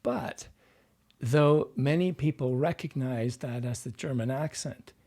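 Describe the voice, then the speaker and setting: A man's voice: mid-range voice, unhurried, darkish tone. A man speaking as a dialect coach on a podcast, with a medium voice. He talks patiently and explains step by step, often demonstrating sounds aloud as he teaches. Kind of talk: interview guest explaining accents.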